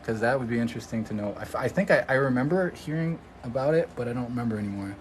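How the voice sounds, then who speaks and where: A man's voice: medium pitch, rapid-fire, a little hiss or hum, low-quality recording. A man from Oregon, an energy healer, chatting casually on a livestream, rambling and answering viewer comments. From Oregon, USA.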